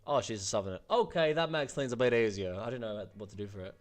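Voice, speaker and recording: A man's voice: mid-range voice, expressive, quick pace. Wry young man streaming a game. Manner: wry, swearing asides, laughing. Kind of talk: casual commentary while playing a story game.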